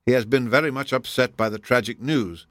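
A man's voice: mid-range voice, brisk, fairly bright tone, no echo, studio quality, natural voice. A man voicing a demure, nervous male secretary in an audiobook, politely anxious. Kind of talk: audiobook character voice.

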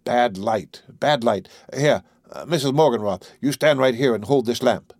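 A man playing a gruff, unflappable country doctor who gives brusque, clipped orders. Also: mid-range voice, moderate pace, a little mellow, dry recording, clean studio sound, natural voice.

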